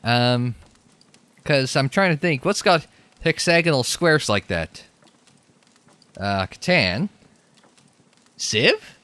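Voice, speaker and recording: A young man rambling through casual let's-play commentary, full of sarcastic jokes. His voice is bright and forward, and his pitch swings a lot as he talks. He sits at a middle pitch for a man. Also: animated, takes it slowly, long pauses, clear, resonant tone, no room sound. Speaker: game commentator.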